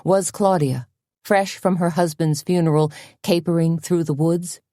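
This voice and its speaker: Low, mellow-voiced woman narrating. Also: steady tone, measured pace, dry recording, studio quality. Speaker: audiobook narrator. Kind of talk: scripted narration.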